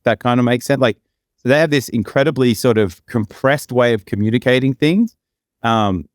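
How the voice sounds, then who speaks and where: A man's voice: medium pitch, moderate pace, dry recording, studio quality. A man with an Australian accent, chatting casually as a podcast co-host in a laid-back, musing way.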